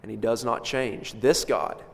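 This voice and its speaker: Guy preaching a sermon, gets loud then soft for emphasis, big echoey church sound. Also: mid-range voice, fairly even intonation, a little slow. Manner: emphatic, swells and drops in loudness for stress. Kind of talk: expository sermon. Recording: long reverb of a large hall.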